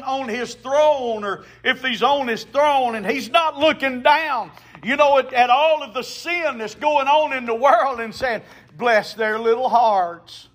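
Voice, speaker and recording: A man's voice: very high voice, a bit bright. A man preaching a sermon as a pastor, emphatic, with call-and-response to the congregation.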